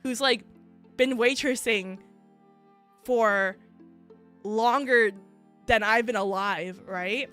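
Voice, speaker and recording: A woman's voice: a little high, slow pace, long pauses, fairly bright tone, faint music behind. A young adult woman streaming a casual chat, telling rambling stories full of fillers like "like" and laughing often. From United States. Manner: rambling storytelling with many fillers and frequent laughter. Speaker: VTuber streamer.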